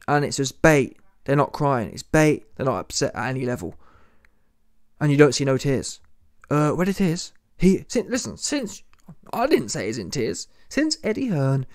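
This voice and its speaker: A man's voice: fairly high pitch, dry recording, studio quality. A young man, giving an exasperated, sarcastic reaction commentary straight to his viewers. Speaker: boxing commentator.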